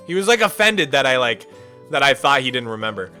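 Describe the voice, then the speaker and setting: A man's voice: medium pitch, very animated, brisk, bright, forceful tone, faint music behind. A young American man streaming and chatting casually, reading out viewer messages in a rambling way full of "like" and restarts. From United States. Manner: rambling, filler-heavy, often says "like".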